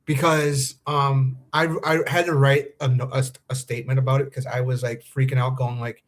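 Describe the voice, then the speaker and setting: A man's voice: mid-range voice, little pitch movement, normal speed, few pauses. A man hosting a live fan podcast, talking earnestly and anxiously, with many ums and restarts. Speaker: podcast host. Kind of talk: live-streamed commentary monologue.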